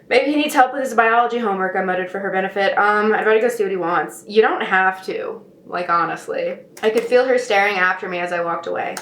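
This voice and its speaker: A woman's voice: medium pitch, fairly bright tone. Snarky woman reading aloud in echoey room. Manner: sarcastic, snarky asides between read passages. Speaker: writer editing a novel aloud. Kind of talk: casual reading with commentary. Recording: echoey room with faint noise.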